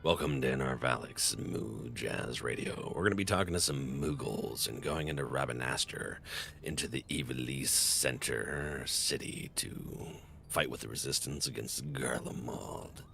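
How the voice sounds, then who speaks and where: A man's voice: vocal fry, bright, forceful tone, exaggerated voice. A man doing a velvety late-night radio host. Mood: smooth. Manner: slow, low, velvety radio delivery. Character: smooth adult male late-night jazz radio host.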